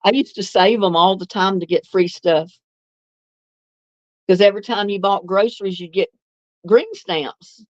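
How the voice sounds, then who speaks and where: She pauses often and keeps a measured pace, her medium-pitched voice coming through dull audio without echo. The older woman, a North Carolina livestream host whose Southern accent carries some Northern, reminisces and laughs easily while reading viewers' comments.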